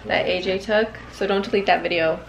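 A woman's voice: mid-range voice, fairly even intonation, a little fast, gravelly, muffled recording, slight background noise. A woman vlogging casually in a chatty, upbeat way, her voice nasal from being sick with a sore throat. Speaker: travel vlogger. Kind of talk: casual vlog narration. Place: hotel room and city streets. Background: background music.

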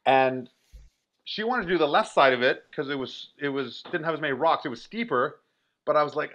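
A middle-aged Canadian man with a Canadian accent, a podcast guest telling an excited story and acting out voices as he goes. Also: a little high, a little fast, muffled recording. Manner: energetic, animated, acts out voices in his stories.

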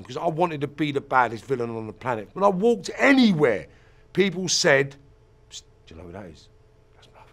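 Gravelly blunt man. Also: on the high side, fairly bright tone. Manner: intense, blunt and profane, with emphatic repeats. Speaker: ex-offender turned mentor and motivational speaker. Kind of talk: interview.

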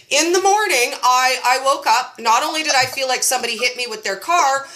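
A woman's voice: high voice, fairly quick, few pauses, bright, forceful tone. A woman in her forties hosting a casual chat, telling stories in a chatty, self-mocking way and saying "like" a lot. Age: 40s. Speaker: host running a keto support group.

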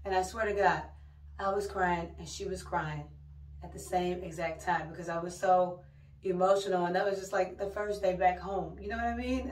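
A woman's voice: on the low side, fairly even intonation, moderate pace. Chatty mother vlogging in a roomy space. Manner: chatty storytelling, exclaims "oh my God". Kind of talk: casual chatty vlog. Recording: roomy, mic a bit distant.

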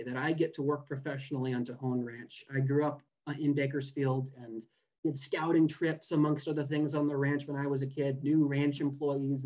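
A man's voice: fairly high pitch, darkish tone, lo-fi sound. A young man from California gives an online seminar as a guest botanist. He talks casually, with plenty of fillers and restarts, and sounds like he is on a video call. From California, USA.

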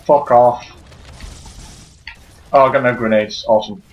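A man giving let's play commentary while he plays a shooter, swearing constantly and shouting at enemies in frustration. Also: mid-range voice, fairly even intonation, unhurried, dull audio. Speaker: gamer playing through a shooter.

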